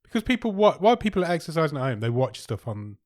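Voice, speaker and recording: A man's voice: on the high side, sing-song, fast talker, darkish tone. A man, co-hosting a casual podcast and joking as he reacts. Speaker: podcast co-host. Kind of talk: casual chat.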